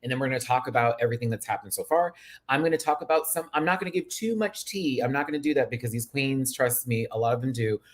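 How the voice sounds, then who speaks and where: A man hosting a casual livestream chat as a drag performer, sassy and chatty, with sudden high-pitched exclamations. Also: expressive, fast. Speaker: YouTube host and drag performer.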